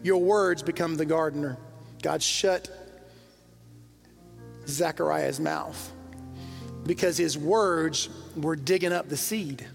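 A man's voice: a little high, slow, gravelly, pauses often. A middle-aged pastor from the American South preaching a sermon to his congregation, telling stories and rising to fervent intensity. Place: large church hall. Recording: reverberant church hall with soft music.

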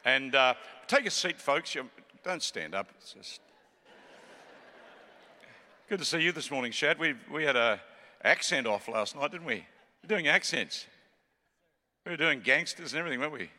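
A seventy-something Australian preacher with a bright, cutting voice pitched a touch high, chatty and joking before he rises into fervent calls. His voice rolls around a big hall with a long echo. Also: animated, normal speed, long pauses. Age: 70s. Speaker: guest preacher. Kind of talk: sermon with joking banter.

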